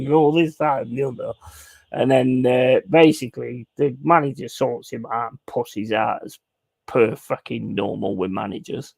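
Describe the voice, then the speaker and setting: A man's voice: mid-range voice, fairly even intonation, moderate pace, gravelly, no echo. A man chatting casually on a live stream, swearing freely and telling a long rambling anecdote. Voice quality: swearing, laddish storytelling. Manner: rambling anecdote with repeated asides. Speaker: streamer playing a football management game.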